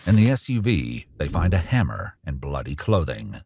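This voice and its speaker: A man narrating a true crime documentary in a measured, grave manner. His voice is extremely deep, and the voice-over is close and dry. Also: sing-song, darkish tone, slightly rough, no echo.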